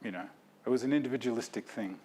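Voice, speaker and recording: A man's voice: medium pitch, fast talker, warm tone, a little hiss or hum. A man giving an academic talk, reflective and self-deprecating, in a lecture hall.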